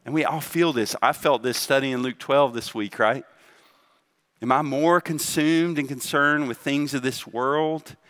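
A man's voice: mid-range voice, unhurried, fairly bright tone. A middle-aged man preaching a sermon in a conversational way, asking the congregation questions and often adding "right?". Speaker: pastor.

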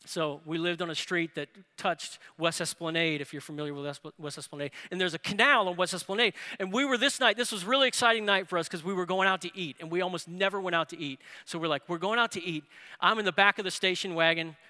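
Man, pastor, sermon, bright ringing voice, storytelling, long hall reverb. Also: high-pitched, fast talker, hardly any pauses. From New Orleans area. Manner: storytelling with rising excitement.

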